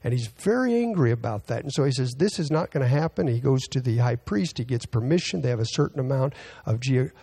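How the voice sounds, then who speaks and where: Gravelly-voiced man teaching a sermon. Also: medium pitch, lively intonation, mellow. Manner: halting, many fillers and restarts, reads scripture aloud. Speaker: preacher.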